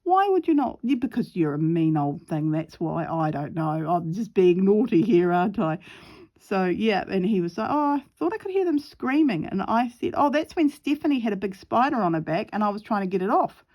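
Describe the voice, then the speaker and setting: A woman's voice: on the low side, moderate pace, darkish tone. A middle-aged woman chatting casually while she sews, laughing often and acting out the voices in her story. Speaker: craft vlogger.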